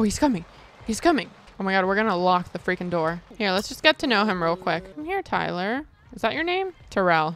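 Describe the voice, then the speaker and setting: Excitable young woman gamer, very lively. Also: medium pitch. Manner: chatty, excitable, shrieks and laughs often. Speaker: gaming streamer. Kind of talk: casual Let's Play commentary.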